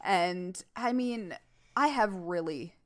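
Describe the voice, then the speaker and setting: A woman's voice: lowish voice, takes it slowly. A woman co-hosting a podcast in casual, rambling chat, joking about herself. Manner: rambling, self-deprecating, joking. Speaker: podcast co-host.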